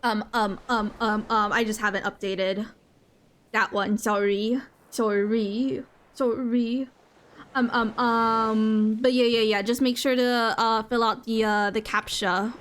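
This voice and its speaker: A young woman streaming a game in casual chat, excitable, gasping often and repeating her phrases. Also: on the high side, takes it slowly.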